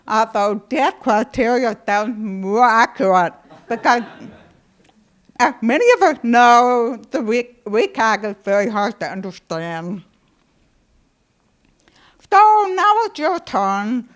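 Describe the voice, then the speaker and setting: Slow, higher-voiced woman with a lilt, wry conference presenter. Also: big pitch swings. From United States. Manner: wry, self-deprecating, laughing.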